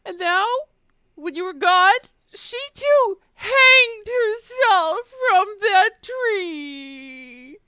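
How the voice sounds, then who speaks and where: A woman's voice: animated, extremely slow, sharp tone, dry recording, heavily acted. A woman voicing a grieving middle-aged man who sobs and whimpers as he tells his story. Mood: sobbing. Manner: whimpering, tearful, high and wavering. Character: grieving middle-aged man sobbing over dead wives.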